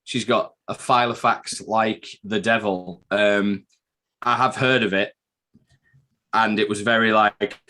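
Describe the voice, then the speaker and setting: A man's voice: on the low side, steady tone, slow, bright, forceful tone. A man co-hosting a podcast live stream, chatting casually, swearing freely and rambling through anecdotes. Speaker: podcast co-host.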